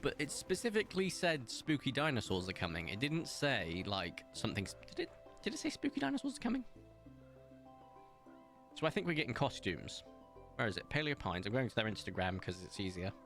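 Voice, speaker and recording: A British man chatting his way through a game stream, his pitch swinging up and down as he rambles and laughs. He reads viewer comments aloud in a loose, friendly way. Quiet game music plays underneath. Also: sing-song, a little fast. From Britain. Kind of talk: casual live-stream chat while gaming.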